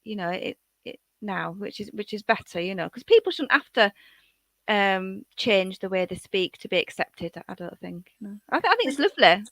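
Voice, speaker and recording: A woman's voice: mid-range voice, sing-song, moderate pace, fairly bright tone, no room sound. A woman from Northern England with a regional accent, chatting casually and plainly. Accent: Northern English. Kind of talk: casual chat.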